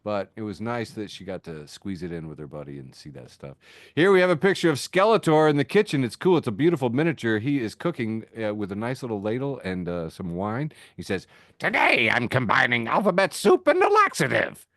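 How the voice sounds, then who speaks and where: A man's voice: on the low side, expressive, fairly quick, no echo, clean studio sound. A man hosting a casual podcast, reading funny social media posts aloud and laughing often. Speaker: podcast host. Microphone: video call mic.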